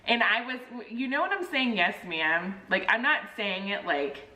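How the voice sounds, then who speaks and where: A woman in her thirties chatting casually to camera as a vlogger, telling a story in an animated way and acting out the people in it. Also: mid-range voice, normal speed. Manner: animated storyteller, acts out quoted phone calls. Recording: roomy echo, mic at a distance.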